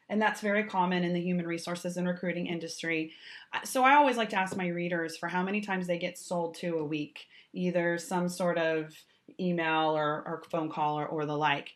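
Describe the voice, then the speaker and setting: A woman in her thirties hosts a podcast in an easy, conversational way, sometimes restarting her sentences. Her voice sits a touch low for a woman. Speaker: podcast host. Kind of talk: podcast interview hosting.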